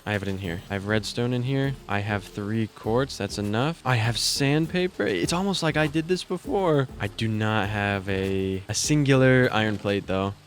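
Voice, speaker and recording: A young man giving casual gameplay commentary, thinking aloud in an excitable, self-mocking way. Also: fairly low pitch, normal speed, few pauses, slight background noise. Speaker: gaming YouTuber.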